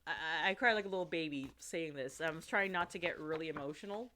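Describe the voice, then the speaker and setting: A woman's voice: low voice, quick pace, pushed and bright. Giggly chatty woman streamer. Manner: giggly, chatty, full of "like" fillers. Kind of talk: casual chat on a livestream.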